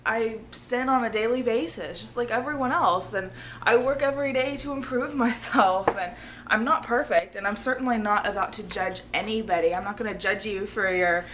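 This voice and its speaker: A woman, hoarse and losing her voice, talking casually and earnestly to her viewers in a rambling vlog, often laughing. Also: a little high, normal speed, fairly bright tone, slight background noise. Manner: rambling, earnest, laughs often, drops to a near-whisper at times. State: losing her voice, feeling ill. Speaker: vlogger.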